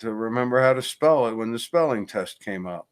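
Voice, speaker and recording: A man's voice: mid-range voice, animated, a little fast, smooth. A sleepy, laid-back man in casual online chat, laughing often. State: sleepy, yawning. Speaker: online show host.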